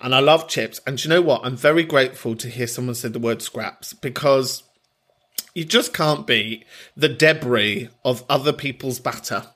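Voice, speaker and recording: A man from the UK hosts a podcast, trading casual comic chat that's camp and full of swearing, with laughter often breaking into his sentences. He talks at normal speed in a medium-pitched, slightly bright voice.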